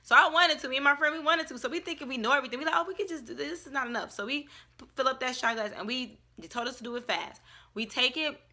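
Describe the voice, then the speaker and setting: A young woman telling a casual story-time vlog in an animated, chatty way, full of "like". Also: sits high, fast. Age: young adult. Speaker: vlogger.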